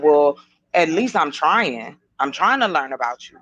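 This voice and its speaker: A woman's voice: low-pitched, lively intonation, moderate pace, a bit bright, dry recording, highs cut off. A woman speaks earnestly in a podcast discussion, pressing questions with growing passion. The sound is dry and close. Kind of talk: casual discussion.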